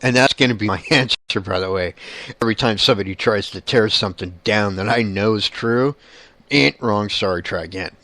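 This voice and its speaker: A man's voice: fairly low pitch, brisk, pushed and bright, no room sound. A man who is a paranormal investigator, talking bluntly in a casual monologue and swearing casually.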